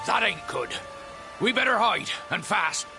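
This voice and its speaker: An actor voicing a folksy, kindly old fisherman in a video game, with a gravelly, rustic way of speaking. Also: high-pitched, sing-song, a little slow, exaggerated voice. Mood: grim. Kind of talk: game voice acting. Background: game music.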